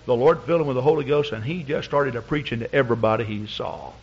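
A man's voice: mid-range voice, animated, fast, a little hiss or hum. A man preaching as a pastor, telling a story in a folksy, rambling way with many fillers. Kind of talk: storytelling sermon. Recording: dull lo-fi recording.

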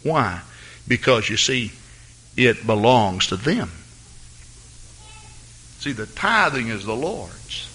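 A man preaching a fervent sermon as pastor of his church, rising to excited peaks. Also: mid-range voice, slow, long pauses, husky.

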